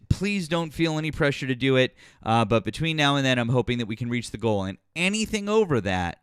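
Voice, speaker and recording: Heard in clean studio sound with no room noise, this mid-range male voice belongs to a political livestream host. He works through grateful thanks to donors one after another, then argues bluntly and profanely with a caller.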